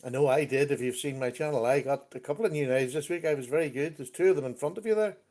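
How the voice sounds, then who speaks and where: A man's voice: medium pitch, quick pace, a little mellow. Chatty man hosting a livestream. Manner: chatty, greets viewers by name. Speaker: livestream host. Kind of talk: casual live-stream chat.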